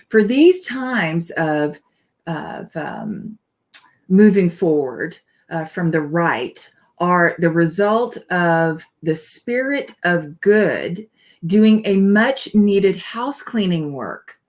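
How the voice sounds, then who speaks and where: Woman pastor, lowish voice, rambly friendly talk, lots of "you know, right?". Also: darkish tone. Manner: chatty, digressive, frequent "you know" and "right?"; reads aloud from a book with asides. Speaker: minister. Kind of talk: conversational online spiritual talk.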